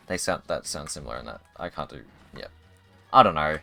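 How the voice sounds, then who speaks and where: A man's voice: very deep voice, expressive, a little fast, vocal fry, pushed and bright, dry recording, soft background music. A man streaming a video game live, chatting casually in a rambling way with many restarts. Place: home streaming setup.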